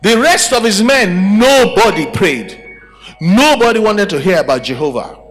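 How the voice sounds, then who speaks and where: Animated preaching man, lively pitch. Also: normal speed, soft background music. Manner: animated, emphatic preaching with rhetorical questions. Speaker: pastor. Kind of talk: sermon. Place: church service.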